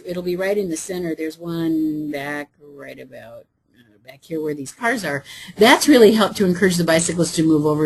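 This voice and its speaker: Husky-voiced woman giving a conference talk. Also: on the low side, a little mellow, low-quality recording. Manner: conversational, with fillers and asides. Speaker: state transportation official presenting. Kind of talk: conference presentation.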